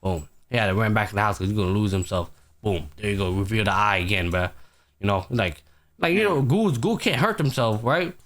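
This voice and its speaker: A man's voice: on the low side, fairly quick. A man hosting a casual anime podcast, retelling episodes with heavy swearing and acting out the characters' lines. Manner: animated storytelling, heavy swearing, acts out characters. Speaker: podcast host.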